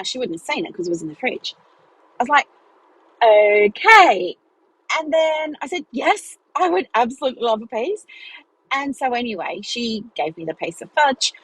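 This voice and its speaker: A woman hosts her podcast in a chatty, animated storytelling style. Her voice leaps high whenever she acts out what someone said, and it has a slightly husky, breathy edge. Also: normal speed, no room sound, poor audio. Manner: animated, chatty, acts out dialogue with big pitch jumps. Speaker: business mentor and podcast host. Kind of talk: casual storytelling monologue.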